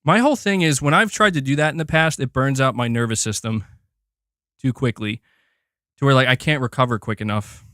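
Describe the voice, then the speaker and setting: Young man, streamer, casual chat, bright forceful voice, dry close sound. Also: mid-range voice, a little fast, dry recording. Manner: excitable, reads out member gifts, chats while exercising. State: straining while doing curls. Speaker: livestream host.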